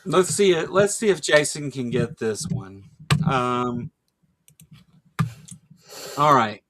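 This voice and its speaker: A man's voice: medium pitch, very animated, slow pace, fairly bright tone, a little hiss or hum. A man co-hosting a casual political talk show, reading out quotes and laughing along. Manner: reads quotes aloud, laughs often. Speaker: podcast co-host.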